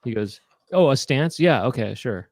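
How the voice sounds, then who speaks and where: A young adult man co-hosting a casual comedic chat, laid-back and deadpan in his mock voices. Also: medium pitch, moderate pace, no room sound. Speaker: co-host.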